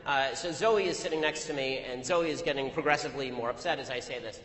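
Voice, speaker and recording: Rapid-fire man arguing in an echoey hall. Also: mid-range voice, a bit bright, a little hiss or hum. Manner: rapid, argumentative storytelling. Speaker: public speaker. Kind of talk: anecdotal speech to an audience. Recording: echoey hall, long reverb.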